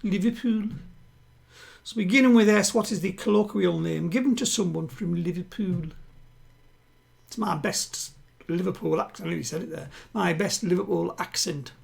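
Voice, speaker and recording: Man, home quiz host, chatty, gravelly voice, repeats questions slowly. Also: sits high. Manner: chatty, reads each question twice, slowly. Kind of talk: live-streamed home quiz hosting. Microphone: home streaming setup.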